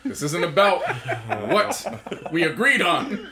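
A man co-hosting a podcast in casual chat, excitable, laughing and quoting people in voices. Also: high-pitched, slow, a crowd in the background. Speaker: podcast co-host.

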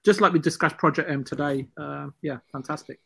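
A man co-hosting a gaming podcast, quick and chatty, teasing the host. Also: on the high side, gravelly, sharp tone, breathy edge. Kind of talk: casual panel chat.

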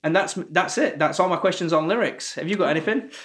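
A man, co-hosting a casual music podcast, relaxed and joking as he asks questions. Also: high voice, fast talker. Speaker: podcast co-host. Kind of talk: casual chat.

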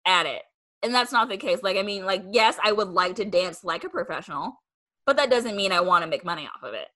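A young woman hosts a casual podcast chat in a bright, clear voice. She talks in loose, rambling sentences full of "like," and slips into quoted replies as she tells her stories. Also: mid-range voice, animated, fairly quick. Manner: chatty, lots of "like" fillers, acts out quoted replies. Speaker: podcast host.

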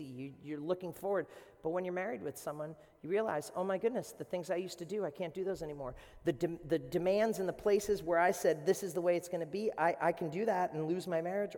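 An animated man with a Boston accent preaching to a congregation, his voice sitting a little high for a man. He acts out quoted voices along the way. The sound rings with the long reverb of a church sanctuary. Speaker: pastor. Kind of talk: sermon.

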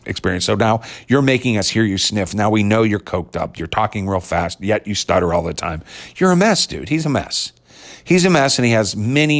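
A man with a lowish voice rants in casual talk. He is profane and mocking, rambling from one complaint to the next with plain exasperation. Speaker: sports fan ranting. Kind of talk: casual rant.

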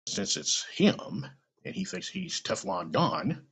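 A man's voice: fairly high pitch, sing-song, takes it slowly, vocal fry, a bit bright, slightly rough. A man hosting a podcast, delivering a blunt, profane, heated opinion rant. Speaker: podcast host. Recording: dull lo-fi recording.

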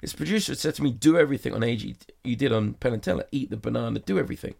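A man's voice: medium pitch, animated, very fast, gravelly, a little mellow. A man guest telling a rambling anecdote in casual conversation, full of fillers and quoted exchanges. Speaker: guest, magician performer. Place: sauna.

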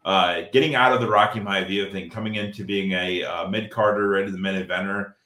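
A man in casual podcast chat, halting with frequent filler pauses. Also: sits low, fairly even intonation, bright, forceful tone. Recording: roomy echo.

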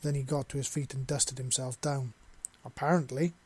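A man narrating a science fiction story in a steady, plain reading voice. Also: medium pitch, brisk, breathy edge.

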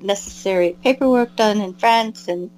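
Heard on a low-quality recording, her mid-range voice moves at a moderate pace. She's an American woman guesting in a casual interview, a pilgrim and albergue volunteer whose warm, meandering talk is packed with fillers and restarts.

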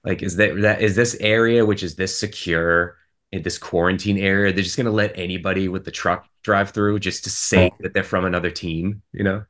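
A man's voice: low voice, steady tone, brisk, a bit bright. A man co-hosting a casual film podcast, talking in a rambling way with frequent restarts. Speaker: podcast co-host.

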